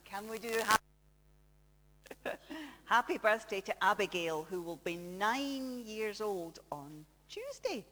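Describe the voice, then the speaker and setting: A woman giving a chatty children's talk in church, gently teasing the kids and telling a story while projecting her voice without a microphone. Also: mid-range voice, sing-song, slow pace, long pauses. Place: large church. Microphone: faulty microphone, then no mic, projecting her voice. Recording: echoey church with long reverb.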